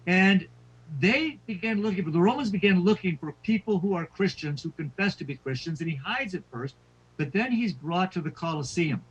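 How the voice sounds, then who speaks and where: Husky man lecturing, muffled sound. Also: high-pitched, animated, moderate pace. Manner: storytelling with quoted voices, frequent fillers. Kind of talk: lecture on church history.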